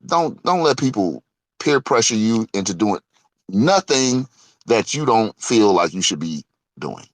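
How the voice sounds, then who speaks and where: Man, profane heated rant, lively up-and-down pitch, dry close sound. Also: measured pace, no room sound. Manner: heated, profane, swings from loud to muttering; lively pitch, laughs between points. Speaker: online show host. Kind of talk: casual rant.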